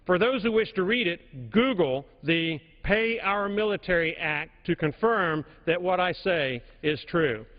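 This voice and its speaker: A man's voice: high-pitched, lively intonation, measured pace, few pauses. A man giving a formal, emphatic floor speech as a congressman in a large legislative chamber, repeating key points for stress at a podium microphone. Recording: reverberant chamber, dull broadcast audio.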